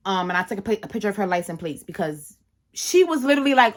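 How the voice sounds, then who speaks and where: A woman's voice: mid-range voice, lively intonation, fast talker. A young woman vlogger telling a heated, blunt and profane story to her camera, with many restarts. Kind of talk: casual storytime rant.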